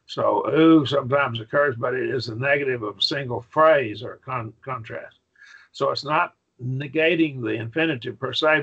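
A man's voice: medium pitch, a bit bright, slightly rough, muffled recording. A man teaching a Bible Greek grammar class in a church classroom, explaining patiently and checking that students follow. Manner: explanatory, checks understanding with "right?".

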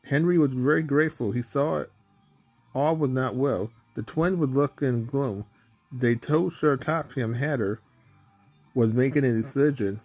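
Male storybook reader, husky, plain mid-pitched voice, occasional stumbles. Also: measured pace, darkish tone, faint music behind. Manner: stumbling over words, plain delivery. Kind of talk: reading a children's book aloud.

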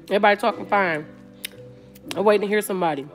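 A woman's voice: mid-range voice, fast, over music. A woman from Wisconsin, live-streaming from home. She chats casually, reads viewer comments aloud, and eats between words. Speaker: vlogger. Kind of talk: casual live-stream chat while eating. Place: at home, indoors.

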